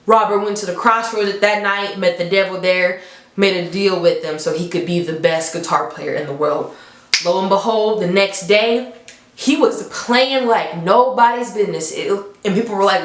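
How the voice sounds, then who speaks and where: A young adult woman reviewing a film in a casual, animated storytelling way, often laughing between points. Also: mid-range voice, moderate pace. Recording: echoey room.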